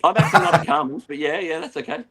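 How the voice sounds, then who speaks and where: Middle-aged Australian guest, casual rambling talker, light higher voice. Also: male voice, racing, creaky, slightly rough. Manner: rambling, animated storyteller. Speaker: aquarium retailer, guest. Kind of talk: casual interview chat.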